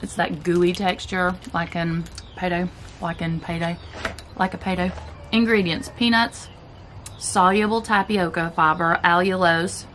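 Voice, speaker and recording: A woman's voice: fairly low pitch, steady tone, measured pace, a bit bright, slight background noise. A woman with a Southern US accent, chatting casually while reviewing keto snacks for her vlog. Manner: chatty, laid-back, talks while chewing. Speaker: keto vlogger. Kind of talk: casual chat, food review.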